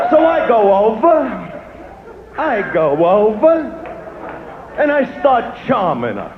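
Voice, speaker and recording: A man's voice: very high-pitched, wildly swooping pitch, takes it slowly, long pauses. A man doing a crude, swaggering stand-up comedy routine. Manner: brash, crude, swaggering delivery. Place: live comedy venue. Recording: lo-fi phone-like live recording with loud noise and echo.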